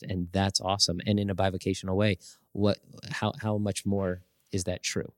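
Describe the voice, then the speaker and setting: A man's voice: low-pitched, level tone, moderate pace, dry recording. Effusive male podcast host, dry sound. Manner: effusive, emphatic, encouraging. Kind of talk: conversational interview.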